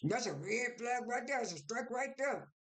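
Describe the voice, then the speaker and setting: A man's voice: extremely high pitch, expressive, moderate pace, fairly bright tone. Older man rambling through a show recap. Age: 60s. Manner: rambling, many restarts and repeated words. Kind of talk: casual retelling of a reality show episode.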